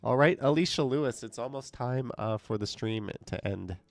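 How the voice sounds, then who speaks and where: A man's voice: mid-range voice, normal speed, no echo. A man with a stuffed-up, nasal voice from a cold, chatting casually on a live stream as he reads viewer comments aloud and answers them. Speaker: live streamer reading chat. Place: indoors.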